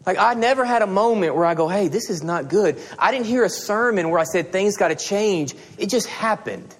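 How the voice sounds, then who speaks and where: A middle-aged male pastor delivering a sermon in a high, light voice. He tells stories with energy and acts out the conversations in them. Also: a little fast. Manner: animated storytelling, acting out dialogue.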